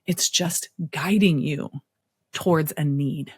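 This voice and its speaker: A middle-aged woman therapist speaking in an interview, expressive and storytelling with playful asides. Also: low voice, slow pace, husky, no room sound, studio quality. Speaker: therapist guest. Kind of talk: interview conversation.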